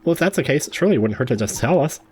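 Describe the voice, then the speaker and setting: An actress voicing an earnest, excitable young boy apprentice in a video game. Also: low-pitched, racing, a little hiss or hum. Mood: eager.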